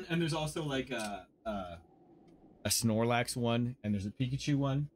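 A man, a game streamer in casual live-stream chat, gushing and excitable, with faint music behind him. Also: mid-range voice, a little slow, slight background noise. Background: faint anime music.

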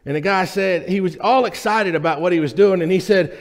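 Speaking briskly in a voice that sits high, a pastor gives his congregation a joking, conversational sermon and checks in with the room often. The recording comes from a reverberant hall in the church sanctuary.

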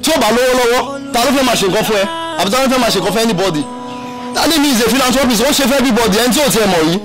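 A man's voice: extremely high pitch, animated, rapid-fire, over loud music, low-quality recording. A Nigerian man playing a loyal young friend who soothes and reassures, mixing Yoruba and English. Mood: pleading. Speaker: film character. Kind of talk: Nollywood film acting. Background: film score.

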